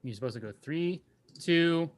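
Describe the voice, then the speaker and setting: A man's voice: a little high, animated, normal speed. A man co-hosting a podcast in casual chat, joking and rambling, often stopping to correct himself. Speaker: podcast co-host.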